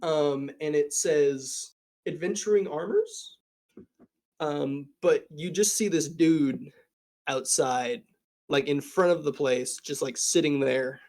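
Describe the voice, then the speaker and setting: Game master, slow-paced, improvised tabletop narration, frequent ums. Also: medium pitch, a little mellow. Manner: unhurried, filler-heavy improvised narration.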